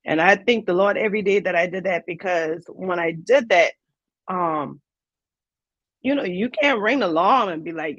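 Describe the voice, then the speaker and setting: A woman's voice: fairly low pitch, normal speed, a bit bright, no echo. A woman, a guest on an interview show, earnestly retelling a personal story in vivid detail. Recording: dull lo-fi dry sound.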